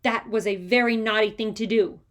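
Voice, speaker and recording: A woman's voice: medium pitch, fairly even intonation, normal speed, close to an everyday voice. A woman voicing a stern but loving mother who scolds firmly and with emphasis in a storybook reading.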